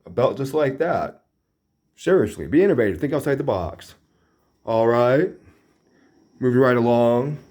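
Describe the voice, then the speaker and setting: A man's voice: medium pitch, expressive, unhurried, pauses often, a little mellow. A man vlogging a casual tour of his new place, talking in a dry, sarcastic way. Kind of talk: casual home tour narration.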